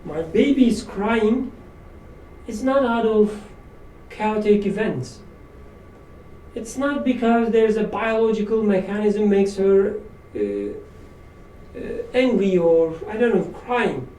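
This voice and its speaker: A man talks through scripture in a relaxed, thoughtful way and pokes fun at himself as he goes. His voice is soft and mellow. He sits some way off from the mic in an echoey room with a faint hum behind him. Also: high voice, slow pace. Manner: reflective, self-deprecating with light laughs. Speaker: study circle leader. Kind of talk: informal religious study talk. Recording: roomy echo, distant mic, faint room noise.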